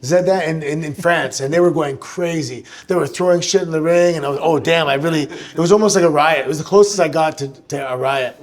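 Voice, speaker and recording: A man's voice: fairly high pitch, fairly quick, hardly any pauses. Chatty man telling stories. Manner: animated, chatty storyteller who restarts sentences. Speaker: guest at live fan Q&A. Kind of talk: live on-stage storytelling Q&A. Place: live show venue with audience.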